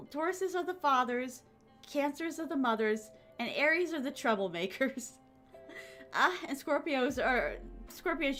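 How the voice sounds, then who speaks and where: A woman streamer chats casually with her viewers and reads their comments aloud. Her voice is soft, relaxing and motherly, pitched fairly high.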